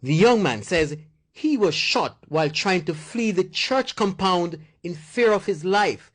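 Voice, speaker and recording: A male news reporter giving a scripted report in a measured, formal way. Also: high voice, expressive.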